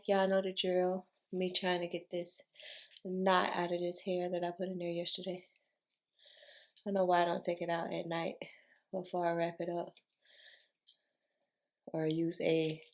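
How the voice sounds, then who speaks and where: A woman talks her viewers through a makeup routine at home, low and unhurried in her morning voice. Her tone sits a little on the low side, chatty and familiar, calling everyone y'all. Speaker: beauty vlogger. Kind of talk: casual makeup tutorial chat.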